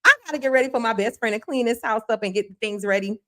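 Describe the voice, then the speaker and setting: A woman hosting a casual live-stream talk show, chatty and folksy, laughing often as she gives shout-outs to her viewers. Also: a little high, quick pace. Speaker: host of a local news livestream.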